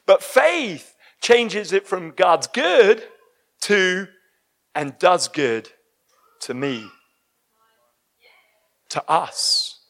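A man preaching a sermon, emphatic and breaking into shouts at the high points.

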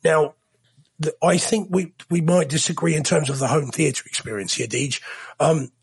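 A man co-hosting a casual podcast chat, making dry, wry remarks and agreeing quickly. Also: on the high side, fairly even intonation, creaky, husky, no echo. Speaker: podcast co-host.

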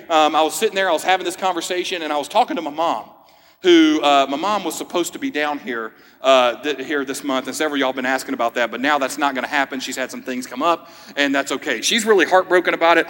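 A man's voice: a little high, a bit bright, big-room sound. A man in his thirties, a pastor, preaching a sermon in a conversational way with joking asides. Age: 30s.

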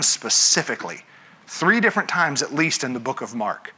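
A man's voice: mid-range voice, big pitch swings, normal speed, sharp tone, breathy edge. A man preaching a sermon, telling the story with animation and acting out the characters. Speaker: pastor.

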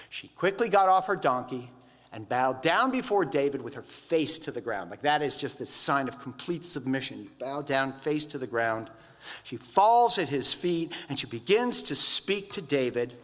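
A man preaching a sermon, telling stories in a conversational, animated way. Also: mid-range voice, long reverb tail. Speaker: pastor.

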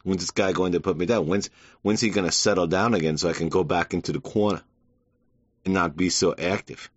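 A man's voice: sits low, steady tone, a little fast, no echo, voice pushed down. A man voicing an exhausted medicine ball that begs to be put down. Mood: pleading. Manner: pleading, whining. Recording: dull lo-fi.

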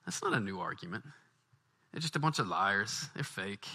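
A man's voice: fairly low pitch, very animated, normal speed, bright, forceful tone, husky. A man from Baton Rouge, preaching a conversational sermon. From Baton Rouge, Louisiana, US. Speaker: pastor.

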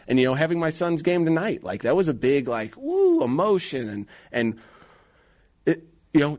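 A man in his thirties co-hosts a radio talk show from the studio. He sounds earnest and excitable and leans on slang in casual chat. His voice sits in an ordinary middle pitch. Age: 30s.

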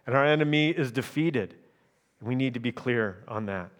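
Man preaching, emphatic and measured. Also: mid-range voice. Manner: checks in with the congregation through repeated tag questions. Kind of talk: sermon.

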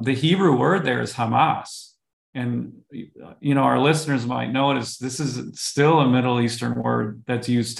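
A male pastor co-hosting a bible study podcast, his voice heavily gravelly with a strong fry. He explains earnestly, often restarting his sentences. The room adds a noticeable echo. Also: mid-range voice.

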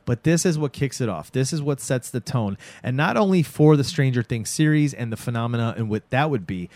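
A man in casual podcast chat, recapping a show with excitement, swearing freely and acting out the scenes. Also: medium pitch, fairly quick, dry recording. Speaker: podcast co-host.

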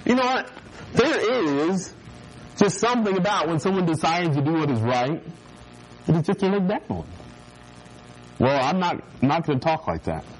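A man's voice: a little high, very animated, moderate pace, long pauses, slight background noise, low-quality recording. A man preaching a casual, joking sermon to a youth group, often mimicking people and laughing along with his listeners. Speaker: youth pastor.

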